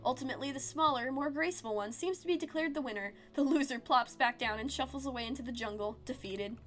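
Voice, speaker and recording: Woman streamer narrating a story game, expressive read, fairly high voice, faint music under it. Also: fast talker. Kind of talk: reading a narrative game aloud.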